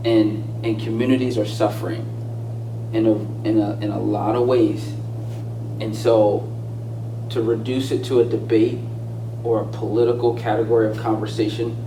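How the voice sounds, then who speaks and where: A man co-hosting a casual discussion, speaking in a calm, even-keeled way. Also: on the low side, normal speed. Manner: calm, even-keeled, frequent agreeing interjections. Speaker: podcast co-host. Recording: roomy, distant mic with audible noise.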